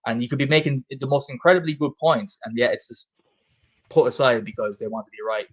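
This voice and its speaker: A young man in relaxed pub chat, talking fast and hammering his points home. He swears freely and often repeats a phrase before pushing on. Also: mid-range voice, rough recording. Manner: swearing, emphatic, repeats himself. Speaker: host.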